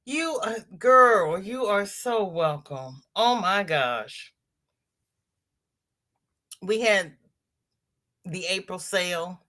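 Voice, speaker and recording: A woman in her sixties hosting a casual crochet livestream, chatting warmly with viewers and greeting them by name as she reads the chat. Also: medium pitch, lively intonation, extremely slow, pauses often. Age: 60s.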